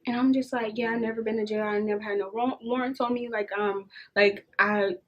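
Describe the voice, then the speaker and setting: A young adult woman vlogger tells a casual storytime, animated and swearing freely while acting out the dialogue. Her voice sits a little high, she talks a little fast, and the highs in the recording are cut off.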